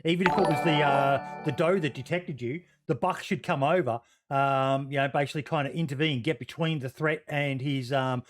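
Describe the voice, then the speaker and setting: A man's voice: fairly high pitch, moderate pace, hardly any pauses, faint music behind. A male podcast host, chatty. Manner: chatty, many ums, asks guests questions. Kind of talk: casual chat.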